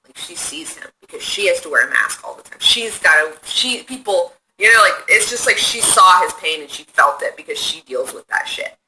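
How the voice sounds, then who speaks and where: Bright, excitable, foul-mouthed woman livestreaming. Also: on the low side, moderate pace, few pauses, slight background noise, rough recording. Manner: profane, rambling and excitable. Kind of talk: casual chat reading viewer comments. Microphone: phone.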